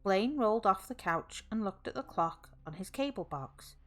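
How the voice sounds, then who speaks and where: A woman's voice: mid-range voice, expressive, moderate pace, a bit bright, soft background music. A woman streamer reading a horror story aloud, greeting her chat in a bubbly way between passages.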